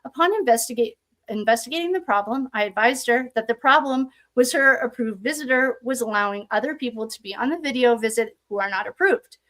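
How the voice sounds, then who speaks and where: A woman with a slightly high voice reads through official records aloud in a casual, thinking-aloud way. She keeps stopping to toss in sarcastic remarks of her own. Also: a little fast, a bit bright. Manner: sarcastic asides, thinking aloud while reading. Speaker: true crime commentator. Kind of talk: casual commentary reading documents aloud.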